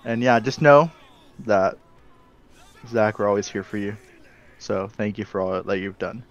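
A man with a fairly low voice offers a casual send-off over voice chat. He speaks softly and lets his sentences trail off. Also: measured pace, highs cut off. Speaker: gaming clan member.

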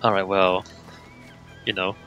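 A man's voice: deep voice, level tone, slow pace, fairly bright tone, highs cut off, faint music behind. A man giving wry, chatty commentary while playing a video game, thinking aloud. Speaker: gameplay commentator. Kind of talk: casual let's play commentary.

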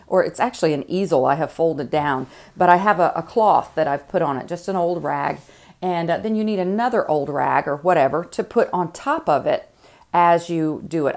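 A woman with a Southern drawl walks through an art demonstration in a relaxed, rambling way, pausing on fillers and restarting her sentences. Her voice sits a bit low for a woman. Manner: chatty, folksy, many fillers and restarts. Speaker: art instructor. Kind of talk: casual demonstration tutorial.

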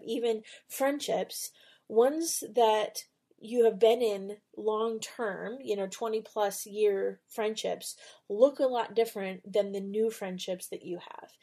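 A woman at a middle pitch talks through a devotional podcast episode. Her voice is soft and mellow, never sharp. She speaks earnestly, in the loose rhythm of personal storytelling, then moves into a quiet spoken prayer. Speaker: podcast host.

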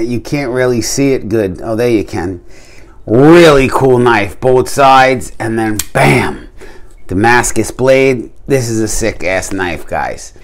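A man hosting his own gear channel, talking casually and animatedly to camera, venting in a rant and then showing off knives with slangy enthusiasm. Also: on the low side. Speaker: YouTube gear channel host.

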